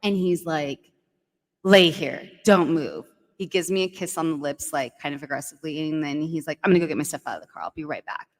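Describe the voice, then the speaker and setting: A woman telling a dating story on a podcast, chatty and animated, saying "like" and "right?" a lot. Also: deep voice, racing, few pauses, in a large hall. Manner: animated, heavy use of "like" and "right?". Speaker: guest storyteller.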